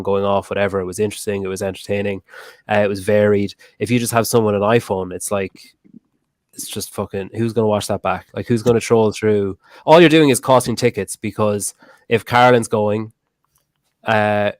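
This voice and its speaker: A man's voice: lowish voice, no echo, clean studio sound. Blunt, sweary male podcast host. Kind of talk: casual chat.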